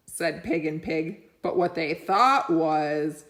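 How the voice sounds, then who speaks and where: A woman reading a children's picture book aloud, expressive and doing little voices for the animals. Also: lowish voice, slow. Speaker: reader.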